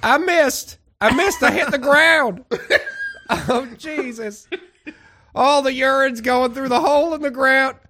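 A man's voice: very high-pitched, slow, bright, forceful tone, slight background noise. A man playing a ship's medic in an improvised sci-fi role-play, goofy and hesitant, narrating his own actions with giggles.

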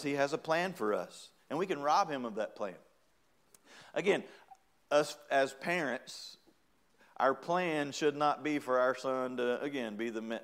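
A middle-aged man preaching a sermon in a folksy, humorous way, acting out little quoted voices and rising to loud, emphatic praise. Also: medium pitch.

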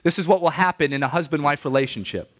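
A man preaching to his congregation in an easy, talky way, his voice sitting a little high for a man. He explains points with casual asides, then presses harder and louder when he drives a point home. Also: fast talker. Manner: conversational preaching, rising intensity on key points. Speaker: pastor. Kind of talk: sermon.

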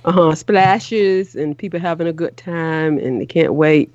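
On a call-in show, a middle-aged female host chats casually and earnestly, often restarting and repeating herself. Her voice is deep, unhurried and darkish, recorded without echo and with the highs cut off.

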